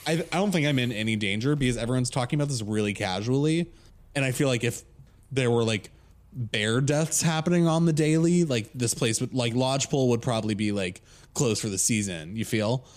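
A man co-hosting a podcast, telling a story in a loose, chatty way full of "like" and laughter. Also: medium pitch. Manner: animated, laughing storyteller with many "like"s. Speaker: podcast co-host. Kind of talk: casual storytelling chat.

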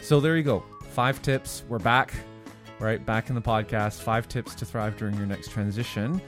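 A man's voice: on the low side, steady tone, moderate pace, music in the background. A man co-hosting a podcast, speaking in an earnest, reassuring way with faith-based encouragement. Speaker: podcast co-host. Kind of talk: casual podcast chat with encouragement.

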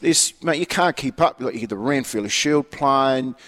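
Heard in a large hall, a New Zealand-accented radio co-host chats about sport in a laid-back, matey ramble, restarting often. His mid-range voice is animated and a bit bright, at normal speed.

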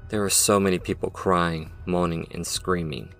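A man giving a measured, dramatic scripted narration of a story. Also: low-pitched, steady tone, soft background music. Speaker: audiobook narrator.

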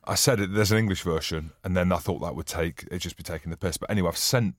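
Deep-voiced Scottish man telling stories. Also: fast talker, dry recording, clean studio sound. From Scotland. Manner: rambling storyteller, jokey. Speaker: co-host, former rugby player. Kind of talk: casual podcast banter.

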